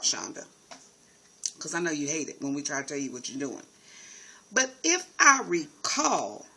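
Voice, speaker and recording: A man's voice: high voice, sharp tone, breathy edge, rough recording. A man giving a sassy, chatty TV episode recap, calling his viewers honey and baby. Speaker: TV recap host. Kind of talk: casual TV recap commentary.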